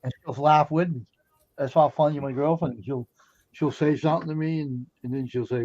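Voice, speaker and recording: A man's voice: on the high side, fairly even intonation, brisk, a little mellow, no echo, dull audio. A man telling casual anecdotes on a stream, laughing easily as he talks. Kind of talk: casual chat.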